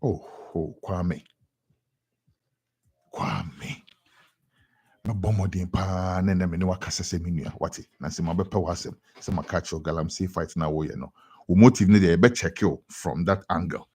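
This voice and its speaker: A young Ghanaian man with a Ghanaian accent giving an animated editorial commentary on radio, often repeating words for emphasis. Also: low voice, a little slow, husky.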